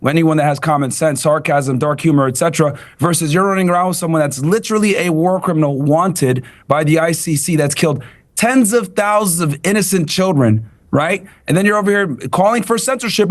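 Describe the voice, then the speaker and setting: A man's voice: sits high, animated, fairly quick. A man on a televised panel debate, talking angrily and combatively, swearing often. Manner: angry, combative, profane. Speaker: panel guest.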